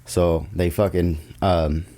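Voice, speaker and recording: A man with a somewhat low voice speaks as a guest on a studio podcast mic. He tells his story in loose, casual chat, animated and full of swearing. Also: slow.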